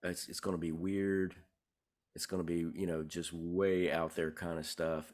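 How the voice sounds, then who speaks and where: Very deep-voiced man telling stories. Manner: relaxed, rambling, many fillers and restarts. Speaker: songwriter guest. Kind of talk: conversational interview storytelling.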